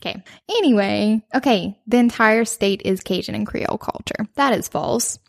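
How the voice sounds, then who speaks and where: A woman with a South Louisiana accent talks casually and emphatically, leaning into her points. Her voice sits at a mid pitch. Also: moderate pace, creaky. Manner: emphatic, animated explainer. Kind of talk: casual chat.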